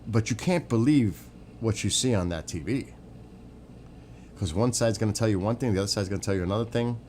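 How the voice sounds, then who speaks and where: A man's voice: lowish voice, fairly quick, darkish tone, a little hiss or hum. A man streaming, giving opinionated, rambling casual commentary and answering chat, swearing now and then. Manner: answers chat viewers by name.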